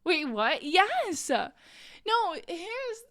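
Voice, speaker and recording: A woman's voice: extremely high pitch, big pitch swings, drawn-out words, fairly bright tone. A woman streamer chatting casually with viewers while crocheting, talking in an incredulous way, laughing often and filling her talk with "like".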